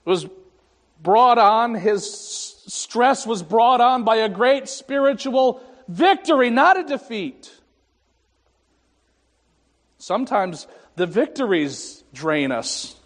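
Slow, high-voiced male pastor preaching in a hall. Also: lively intonation. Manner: dramatic pauses, voices scripture and God with rising emphasis. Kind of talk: sermon. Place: church sanctuary. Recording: long hall reverb.

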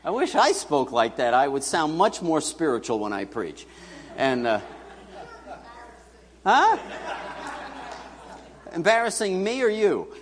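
A man's voice: fairly high pitch, sing-song, moderate pace, a little hiss or hum. A man preaching a sermon as pastor, chatty and joking, putting questions to the congregation. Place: church hall. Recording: church hall reverb.

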